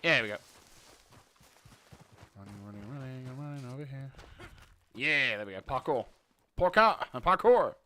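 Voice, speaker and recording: A man casually commentating a video game playthrough, chatting to himself and his in-game horse with bursts of excitement. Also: mid-range voice, moderate pace, long pauses. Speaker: gaming YouTuber. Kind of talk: casual let's play commentary.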